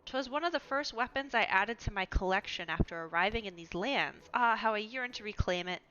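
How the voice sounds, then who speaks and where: A woman reading a grandiose gentleman adventurer. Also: sits high, animated, brisk, smooth, muffled recording. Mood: yearning. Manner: old-fashioned, theatrical phrasing.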